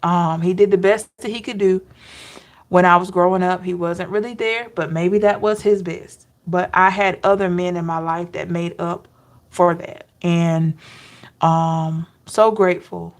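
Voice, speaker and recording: Slow, heartfelt woman speaking softly. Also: fairly low pitch, steady tone. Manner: slow, emotional and heartfelt, with soft hums. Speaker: tarot reader. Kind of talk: personal reflective talk.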